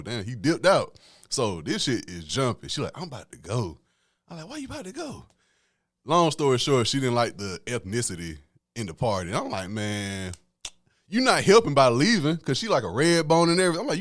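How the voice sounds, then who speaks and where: A young man hosts his podcast alone, telling stories in loose slang and laughing often. His voice sits low but swings widely in pitch. The sound is close and dry, with no room around it. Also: no echo. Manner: animated, laughing storyteller, slangy. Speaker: podcast host. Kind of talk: casual solo storytelling.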